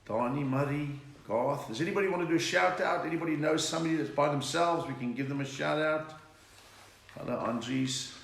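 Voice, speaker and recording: A middle-aged man hosts a casual live stream from a room at home, chatty and jokey as he reads out viewers' names and greets them. His voice sits on the high side, a little fast, creaky and fairly bright. The recording has a roomy echo and faint noise.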